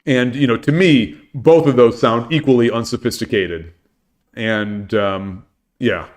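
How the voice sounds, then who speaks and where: A man's voice: mid-range voice, unhurried. A middle-aged man from the Midwest, rambling through casual chat with viewers on his livestream and often restarting and repeating phrases. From American Midwest. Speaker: livestream host.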